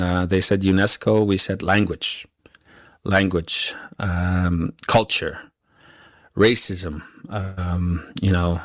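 A male musician whose first language is Inuktitut answers interview questions as a guest, speaking haltingly with many pauses and fillers. His voice sits low, and the studio-quality recording has no room sound.

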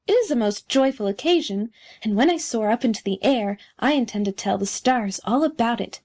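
A woman voicing a cheerful, dreamy small fire balloon in a storybook reading, gushing and bright. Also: fairly high pitch, animated, fairly quick. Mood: joyful.

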